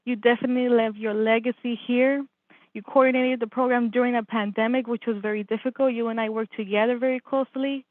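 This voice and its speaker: A woman, a program coordinator, giving earnest, measured thanks to a colleague on a video call. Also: fairly high pitch, steady tone, dry recording. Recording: tinny phone-like audio, dry.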